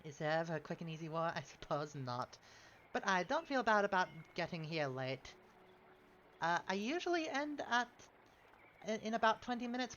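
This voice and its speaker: A woman with a British Isles accent streaming a strategy game, chatting to viewers, reading event text aloud and breaking into excited cries. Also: low voice, a little hiss or hum. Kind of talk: casual game stream chat. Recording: dull lo-fi stream audio with faint music.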